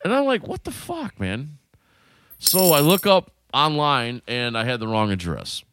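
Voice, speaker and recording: A man's voice: medium pitch, a little slow, slight background noise. A man casually telling a long story, swearing freely and acting out what each person said. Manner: animated, profane, acts out quotes.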